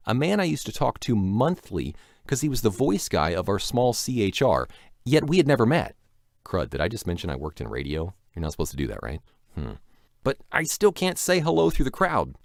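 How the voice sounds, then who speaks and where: A man's voice: lowish voice, vocal fry, no room sound, studio quality. A man working as a voice actor, narrating a chatty, self-deprecating recap of an event with rambling asides, recorded at his home setup. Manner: animated, playful delivery.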